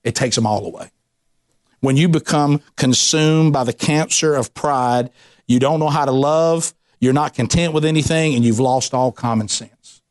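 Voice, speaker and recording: A male pastor delivering a sermon in a lively, conversational preaching style. He restarts phrases and stacks repetitions as he builds a point, and his voice climbs in pitch whenever he leans into an emphasis. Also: normal speed. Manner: animated preaching with frequent restarts and rising emphasis.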